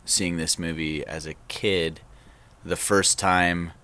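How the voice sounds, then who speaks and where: A man's voice: deep voice, fairly even intonation, slow pace, bright, forceful tone. A man in a casual film chat, thoughtfully recalling scenes and laughing at his own stories. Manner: reflective, breaks into laughter telling stories.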